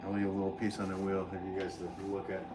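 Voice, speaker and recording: Deep-voiced chatty potter on a live stream. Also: male voice, monotone, fast talker, heavy background noise. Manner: rambling and chatty, talks to viewers directly. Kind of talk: casual live-stream chat while working at the wheel. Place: pottery studio at the wheel.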